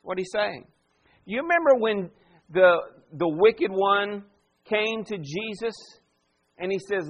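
A man's voice: sits high, expressive, slow, dull audio, faint music behind. A man preaching a sermon, acting out the voices of the people he quotes and pressing his listeners with rhetorical questions. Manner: dramatic voicing of quoted figures, rhetorical questions. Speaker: pastor.

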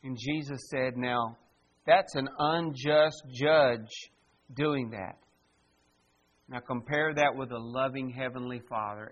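A man preaching a sermon as pastor, swinging between quiet, intimate passages and loud, acted-out outbursts. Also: mid-range voice. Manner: preaching with dramatic swings in volume and acted quotes.

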